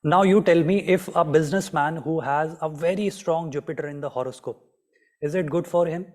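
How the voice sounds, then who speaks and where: A man leads an online class in a fairly high voice. He keeps questioning his students by name and repeats each question until someone answers. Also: brisk, a little mellow. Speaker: astrology teacher.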